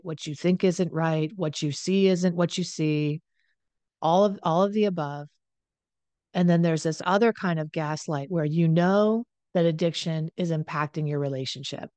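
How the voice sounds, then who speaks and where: A low-pitched woman speaks straight to her listeners, giving relationship advice in a frank, conversational way. She repeats phrases for emphasis and swears now and then, and the recording is dry and close. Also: a little mellow, no room sound. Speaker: addiction and relationships coach. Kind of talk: direct-to-camera advice monologue.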